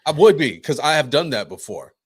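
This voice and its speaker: A man on a podcast, telling stories in a lively way and acting out quotes, often asking "right?". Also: fairly high pitch, fairly quick, slightly rough, no room sound. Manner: animated storyteller, acts out quotes, says "right?" often. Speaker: podcast co-host. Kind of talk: casual conversation.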